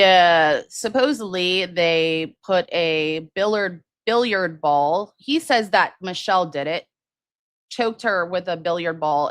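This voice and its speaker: A woman's voice: on the low side, dry recording. Rambling woman hosting a crime livestream. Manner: rambling, many fillers and restarts, reads viewer comments. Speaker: livestream host. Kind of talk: casual true-crime livestream chat.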